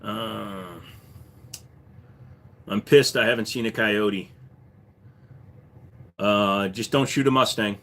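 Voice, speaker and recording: A man's voice: on the low side, steady tone, slow pace, vocal fry, pauses often, sharp tone. A man hosting a casual livestream, a firearms dealer who reads viewer questions aloud and answers them in a laid-back way, with many ums.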